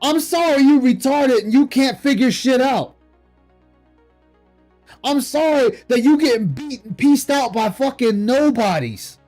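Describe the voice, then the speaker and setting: A man with a strikingly high-pitched voice delivers a profane, scornful tirade during a late-night stream. He speaks into a desk mic at home and breaks into bursts of shouting. Faint music plays behind him. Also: expressive, a little slow.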